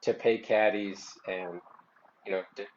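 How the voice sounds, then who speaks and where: A man's voice: lowish voice, fairly even intonation, measured pace, a little mellow, lo-fi sound, a little hiss or hum. A man speaking as a guest on a golf podcast, rambling and often trailing off and restarting. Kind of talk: casual chat.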